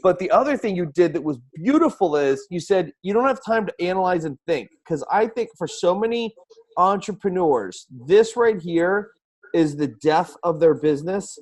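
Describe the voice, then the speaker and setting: A man hosting a live coaching show, talking excitedly and firing off repeated rhetorical questions over a video call. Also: high-pitched, moderate pace. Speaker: host and speaking coach. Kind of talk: energetic live-stream coaching talk.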